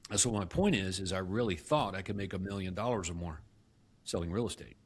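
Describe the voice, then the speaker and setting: A middle-aged man speaking in a fairly low voice, recounting his past as an interview guest. He acts out old conversations with lively shifts and often restarts his sentences. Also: fast, breathy edge. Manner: animated storyteller who acts out past dialogue, with frequent restarts. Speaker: guest, real estate company CEO.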